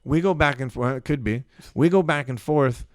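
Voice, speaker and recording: A man co-hosting a podcast, telling a rambling, animated story and acting out both sides of a phone call with plenty of swearing. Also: mid-range voice, moderate pace, no room sound, studio quality. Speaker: podcast co-host. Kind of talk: casual chat, storytelling.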